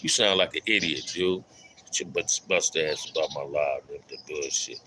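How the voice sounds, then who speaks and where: Low-voiced middle-aged guy on a livestream, bright punchy tone, repeats stuff, shouts out chat in slang. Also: moderate pace, a little hiss or hum, poor audio. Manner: loose street slang, repeats phrases, calls out viewers. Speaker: livestream host. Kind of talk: casual live stream talk reading chat.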